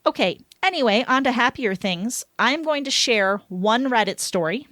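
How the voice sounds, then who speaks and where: A woman's voice: on the high side, lively intonation, moderate pace, a bit bright, dry recording, clean studio sound. A woman co-hosting a casual podcast, chatting and reading a story aloud expressively. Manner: chatty, reads stories expressively. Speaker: podcast co-host.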